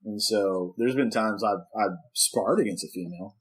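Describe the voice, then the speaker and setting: A man co-hosting a casual podcast, an animated storyteller who acts out what he says to his dog. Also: on the low side, moderate pace. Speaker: podcast co-host. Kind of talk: casual chat.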